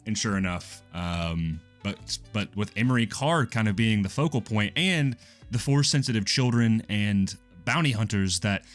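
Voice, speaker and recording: A man co-hosting a casual podcast review, rambling quickly with frequent laughs and self-corrections. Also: fairly low pitch, animated. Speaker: podcast co-host. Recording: lo-fi music bed underneath.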